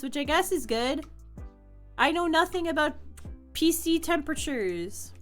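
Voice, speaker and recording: A woman's voice: high-pitched, animated, a little slow, long pauses, faint music behind. A young woman streamer chatting casually with her chat from home, answering comments and laughing often.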